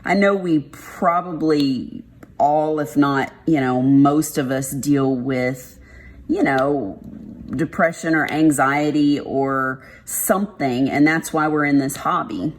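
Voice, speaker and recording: Low, slow-talking Texan woman, casual and blunt craft vlogger. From Texas. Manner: rambling, frank, uses y'all and mild swearing. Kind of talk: casual chat while diamond painting.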